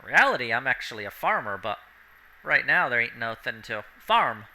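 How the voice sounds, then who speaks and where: A man's voice: medium pitch, big pitch swings, normal speed, bright, forceful tone, heavily acted, poor audio. A man voicing a rustic male town watchman who farms in summer, talking in a folksy, plain-spoken way.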